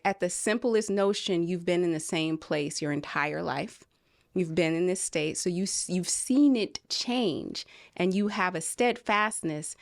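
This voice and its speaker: A woman from California talking earnestly as a podcast guest, animated and quoting people in different voices. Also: on the low side, no room sound, clean studio sound. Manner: earnest, animated storytelling, quotes others in voices. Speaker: podcast guest, film producer. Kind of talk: casual conversation.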